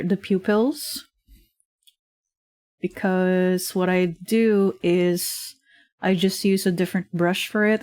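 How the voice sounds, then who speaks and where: A woman streams herself drawing and chats along in a slow, unhurried, rambling way, with many fillers and frequent laughs. Her voice sits at a medium pitch, and the recording is dry and close at a desk microphone at home. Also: dark tone, no echo. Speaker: streamer and digital artist. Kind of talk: casual livestream chat while drawing.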